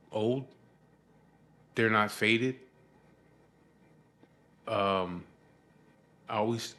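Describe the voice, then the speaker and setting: A middle-aged man talks straight to camera in an unhurried, rambling way. His voice sits very low. He swears casually and keeps checking in with his listener. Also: sharp tone. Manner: profane, rambling, frequent "you know what I mean". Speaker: vlogger.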